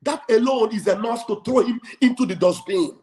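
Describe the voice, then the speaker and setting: A man hosting a livestream, giving a fiery, preacher-like speech full of shouting and call and response. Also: high-pitched, moderate pace. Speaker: livestream host. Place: home livestream studio.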